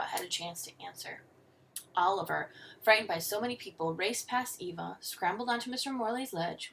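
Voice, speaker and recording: A woman teacher reads a picture book aloud with lively, expressive storytelling. Her voice sits a little back from the mic. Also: on the low side, gravelly, recorded from a distance, a little hiss or hum.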